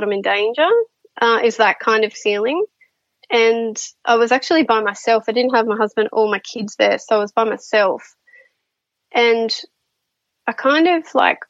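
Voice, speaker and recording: A chatty woman with a somewhat high voice tells her stories in a relaxed interview, full of fillers and restarts. The sound is dry and a little dull, like a lo-fi remote recording. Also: no echo. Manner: chatty, many fillers and restarts, laughs often. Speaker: guest. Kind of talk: casual interview storytelling.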